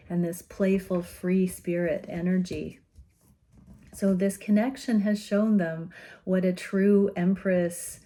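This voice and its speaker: A woman giving an intuitive tarot reading, speaking in a gentle, soothing and earnest way with soft laughs. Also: lowish voice. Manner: slow, gentle and soothing, often laughing softly; earnest and openly emotional. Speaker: tarot reader.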